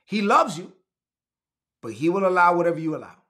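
A man's voice: sits high, very animated, a little fast, a bit bright. A man preaching a sermon to an online audience, emphatic and repetitive, leading the listeners in call-and-response declarations. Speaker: pastor.

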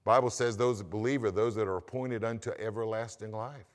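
A man's voice: fairly low pitch, steady tone, a little fast. A man preaching a sermon as pastor, emphatic and asking the congregation questions as he goes.

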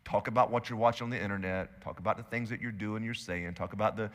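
A male pastor preaching a sermon, swinging between loud emphatic bursts and hushed, intimate stretches. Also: lowish voice, steady tone, fast, long reverb tail. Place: church hall.

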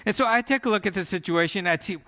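A man's voice: high voice, quick pace, pushed and bright. Male pastor preaching in a reverberant hall. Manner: conversational storytelling, often checks in with listeners. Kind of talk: sermon.

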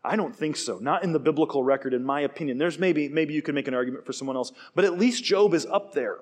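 A man preaching a sermon, telling stories in an animated way and acting out quoted lines. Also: fairly high pitch, fast talker. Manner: animated storytelling with acted quotes. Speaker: pastor.

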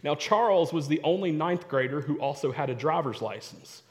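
Young male preacher, somewhat high voice, repeats lines for emphasis, long hall echo. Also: animated, normal speed. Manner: storytelling, repeats phrases for emphasis. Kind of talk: sermon.

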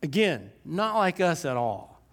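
A man preaching a sermon, slowing down to stress key lines and using dry sarcasm. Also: a little high, big pitch swings.

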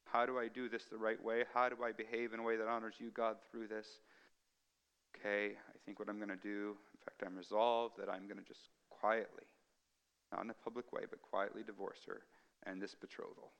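A man voicing the inner thoughts of a troubled man weighing a hard choice, quiet and low. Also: little pitch movement, fairly quick, gravelly, smooth, in a large hall, poor audio. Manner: quiet, low, inward musing.

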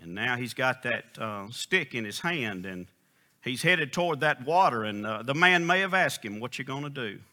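A man's voice: medium pitch, expressive, normal speed, bright, forceful tone. A man preaching a sermon in an emphatic, folksy storytelling style. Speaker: pastor.

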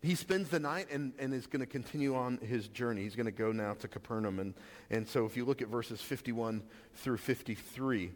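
A pastor giving a conversational sermon, asking the listeners questions and restarting his sentences. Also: medium pitch. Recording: long reverb of a hall.

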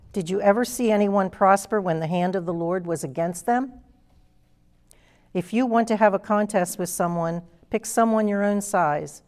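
A woman delivering a sermon in an earnest, emphatic way. Her voice sits at a middle pitch, and she reads scripture aloud and walks through its meaning. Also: unhurried, a little mellow. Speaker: preacher.

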